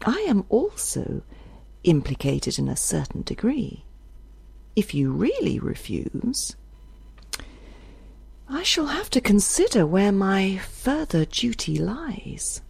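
A woman's voice: mid-range voice, very animated, slow pace, creaky, pauses often, darkish tone, slightly rough, dry recording, voice pushed up, exaggerated voice. A woman voicing a frail but insistent older widow who speaks formally in an audiobook.

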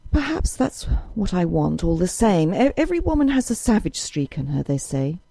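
A woman reading an audiobook, voicing a proud young woman who speaks calmly and coldly. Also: on the low side, vocal fry, breathy edge, no echo, pitched above the performer's own voice, exaggerated voice. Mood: teasing. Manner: calm, cold, measured.

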